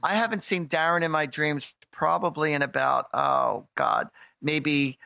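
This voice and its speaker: A man co-hosting a radio call-in show, chatting casually and telling stories with lively exclamations. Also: fairly high pitch, a little slow, vocal fry, dry recording, muffled recording. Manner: animated storyteller, exclaims often. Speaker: radio show co-host, psychic reader.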